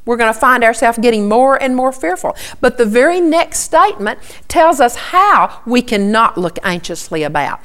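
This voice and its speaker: A woman's voice: a little high, big pitch swings, normal speed, few pauses, a bit bright. A woman giving an earnest Bible teaching, repeating key points and often starting with "okay".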